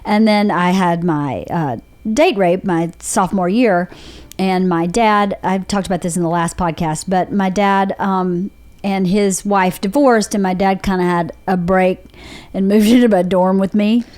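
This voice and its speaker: A woman's voice: mid-range voice, fairly even intonation, unhurried, darkish tone. Candid Southern woman telling her story. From Georgia, US. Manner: candid, rambling storytelling with frequent restarts. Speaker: podcast host. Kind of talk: casual chat.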